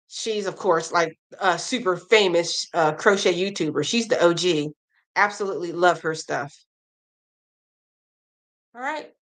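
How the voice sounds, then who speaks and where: A woman's voice: on the low side, measured pace, long pauses. A woman hosting a casual crochet live stream, chatting with viewers, reading their comments aloud and reacting, and running through pattern blurbs in an upbeat tone.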